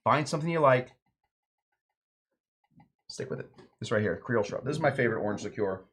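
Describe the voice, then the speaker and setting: A man hosts a casual cocktail show with a playful, jokey manner. He rambles into asides while he works through a recipe. His voice sits at an ordinary middle pitch. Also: expressive, a little fast, a bit bright. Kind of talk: casual chat while mixing drinks.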